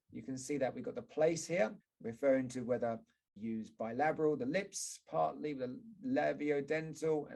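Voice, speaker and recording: A man with a gravelly, slightly husky voice explains word stress as an English teacher. He talks in a measured, step-by-step way, pausing to model example words. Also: medium pitch, darkish tone. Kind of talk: explanatory teaching talk over slides.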